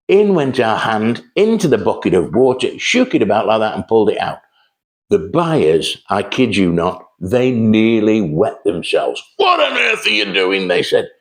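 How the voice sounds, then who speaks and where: A man's voice: on the low side, darkish tone. An older man telling rambling, chatty anecdotes about his early sales days. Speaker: host telling sales stories. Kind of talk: casual storytelling monologue.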